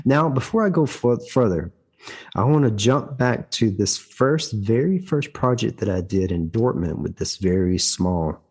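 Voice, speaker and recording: A man with a lowish, husky voice, talking as a podcast guest. He tells a long story in conversation, stumbling over restarts and repeated words. His delivery grows emphatic and heated as he goes. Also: very animated, moderate pace, darkish tone. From United States. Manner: emphatic, heated when recounting conflict. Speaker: guest actor.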